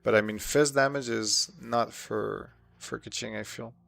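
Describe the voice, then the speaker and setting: Gravelly-voiced male game streamer. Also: fairly low pitch, measured pace. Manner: relaxed, chatty, lots of fillers and laughs. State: slightly sore throat. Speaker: streamer answering chat questions. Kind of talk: casual live-stream chat while gaming.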